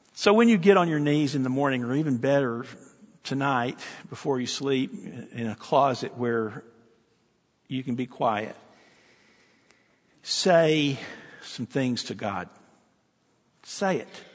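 A man's voice: mid-range voice, expressive, measured pace, breathy edge. A man preaching a sermon as pastor, earnest and repetitive, speaking to a congregation. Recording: long reverb of a large hall.

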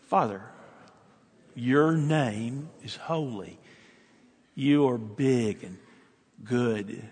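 Pastor, male, slow deliberate sermon, husky tone, big reverberant hall. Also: medium pitch. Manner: earnest, repetitive preaching with restarts. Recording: long reverb of a large hall.

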